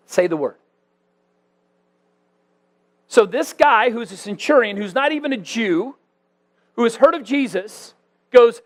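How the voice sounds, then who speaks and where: A man preaching a sermon as a church pastor, conversational and animated, with self-deprecating asides. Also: very high voice, a little slow, pauses often.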